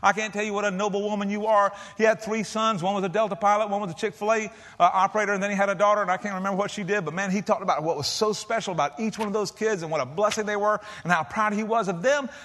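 A middle-aged man preaching a sermon to a large church, folksy and lively, swinging between loud emphasis and soft hushed lines. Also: high voice, very fast, hardly any pauses. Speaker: pastor.

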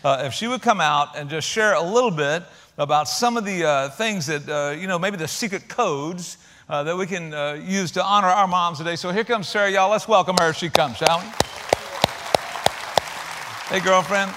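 A man's voice: sits high, moderate pace, some chatter behind. A pastor, joking and welcoming his congregation in a sermon. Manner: jokey, warm-hearted, uses fillers. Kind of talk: sermon and stage interview. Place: large church. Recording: echoey church hall.

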